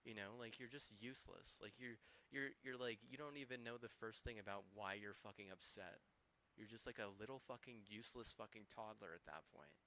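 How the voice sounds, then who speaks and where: A man's voice: on the low side, fairly quick, bright, forceful tone, slight background noise. A young man streaming a game, ranting heatedly with constant swearing and rambling restarts. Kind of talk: ranting live-stream commentary.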